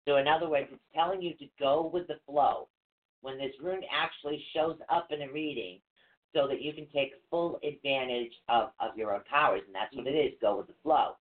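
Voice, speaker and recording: A man's voice: mid-range voice, brisk. Man teaching over a tinny line. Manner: patient, explains step by step, spells words out. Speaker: rune teacher. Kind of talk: live-stream teaching with banter.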